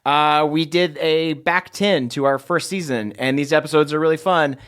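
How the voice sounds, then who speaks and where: A man's voice: fairly high pitch, fairly even intonation, normal speed, fairly bright tone, clear, resonant tone. A man playing a tabletop game and chatting casually in a playful way. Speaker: player. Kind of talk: casual chat.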